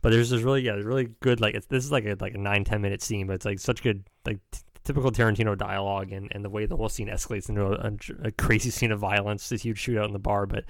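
A man's voice: lowish voice, steady tone, rapid-fire, dry recording. A young man rambling casually about favourite film scenes as a podcast host, with lots of "like" and restarts. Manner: rambling, restarts often, uses "like" a lot. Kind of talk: casual chat.

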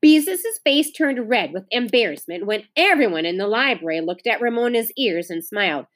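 Expressive woman teacher reading a novel aloud. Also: medium pitch, moderate pace, few pauses, dry recording. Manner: expressive, clear storytelling. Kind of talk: read-aloud of a children's novel.

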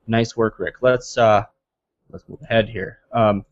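A man's voice: on the low side, fairly even intonation, measured pace. Rambling man co-hosting a tech podcast. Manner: rambling, self-correcting, joking. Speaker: podcast co-host. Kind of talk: casual tech podcast chat. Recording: dull lo-fi dry sound.

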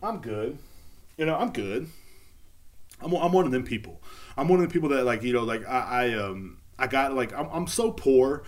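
A man venting on a solo podcast from his house, rambling and cursing in an exasperated way. His voice sits at an ordinary middle pitch but jumps around a lot, rising high when he gets worked up. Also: lively intonation, a little fast. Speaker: podcast host. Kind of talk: casual solo rant. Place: at home.

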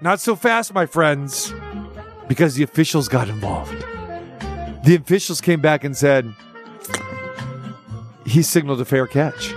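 A man hosting a sports talk radio show, telling stories in an animated, excitable way with stammered restarts. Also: on the high side.

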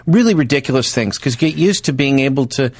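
A man co-hosting a comedy podcast, riffing crudely and rambling through lots of filler pauses. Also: mid-range voice, lively intonation, breathy edge, no room sound. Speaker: podcast co-host.

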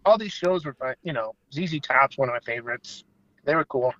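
A man's voice: mid-range voice, expressive, fairly quick, sharp tone, no echo. Man, podcast guest, rambling, laid-back, muffled dry audio. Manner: rambling, laid-back, lots of "you know". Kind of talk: casual chat.

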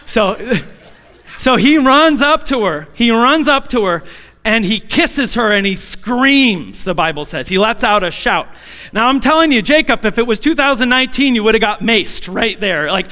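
High bright guy preaching, jokey storytelling, echoey hall. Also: normal speed. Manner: humorous, animated, acts out quotes. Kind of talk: sermon storytelling.

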